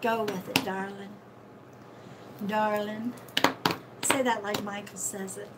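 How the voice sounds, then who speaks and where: A woman's voice: mid-range voice, steady tone, normal speed, heavy background noise. A woman psychic medium giving casual card readings to viewers on a live stream, chatty and calling people sweetheart and darling.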